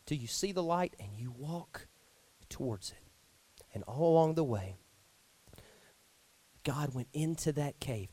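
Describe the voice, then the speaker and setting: A man preaching a sermon in an animated way, with joking asides. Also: fairly high pitch, a little slow, long pauses, slightly rough, dry recording.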